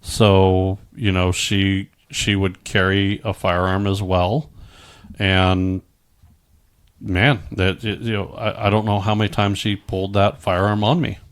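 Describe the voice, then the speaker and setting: A man's voice: deep voice, level tone, measured pace, clear, resonant tone. A middle-aged man telling his own story in casual chat, rambling with many stammered restarts and frequent swearing.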